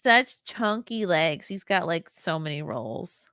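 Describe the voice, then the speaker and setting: A woman hosts a casual chat, her voice swinging up and down with animated energy. She laughs easily and swears freely. The sound is close and dry. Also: lowish voice, slow, clear, resonant tone, no echo. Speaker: podcast host.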